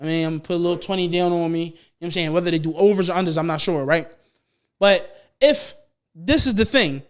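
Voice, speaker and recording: A young man hosting a podcast, chatting casually and profanely, getting animated and louder as he gets excited. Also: a little high, quick pace, clean tone. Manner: animated, profane storytelling, rising loud when excited. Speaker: podcast host. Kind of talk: casual chat.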